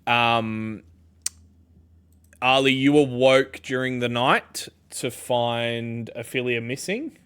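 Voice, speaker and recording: Slow-talking bright-voiced male game master. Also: mid-range voice, clear, resonant tone. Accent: Australian. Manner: slow, filler-heavy narration. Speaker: dungeon master. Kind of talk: narrating a tabletop game.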